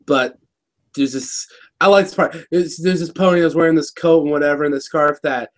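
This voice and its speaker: A man's voice: fairly high pitch, fairly even intonation, fairly quick. A young man co-hosting a casual chat, rambling as he retells a cartoon episode with slang. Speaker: podcast co-host.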